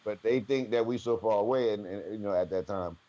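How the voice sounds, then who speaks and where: Animated New Jersey man telling stories. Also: on the low side, brisk, lo-fi sound. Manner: animated storyteller, slangy, acts out quotes. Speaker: guest rapper. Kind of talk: casual storytelling interview.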